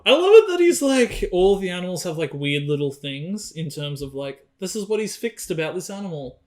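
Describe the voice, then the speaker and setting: A man co-hosting a film podcast in loose, casual chat. His voice sits a little high, and he jokes and laughs easily between points. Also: brisk. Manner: laughs often, jokey, animated. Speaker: podcast co-host.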